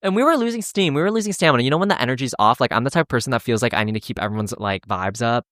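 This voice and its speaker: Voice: medium pitch, rapid-fire, no echo, studio quality. A podcast host telling a hiking story in casual chat, acting out what everyone said and swearing freely. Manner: animated, acts out quotes, swears freely.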